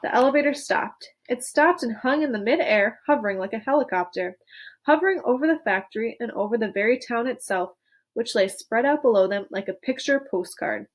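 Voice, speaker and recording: Expressive woman reading a children's book aloud. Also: on the high side. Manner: expressive, pauses to ask questions.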